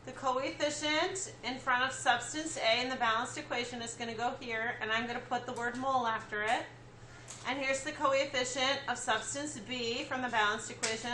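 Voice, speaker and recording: A woman teaches a chemistry lesson in an echoey classroom with faint ambience, going step by step and checking in with her students. Her fairly high voice is bright and forceful, and there's a little hiss or hum in the recording.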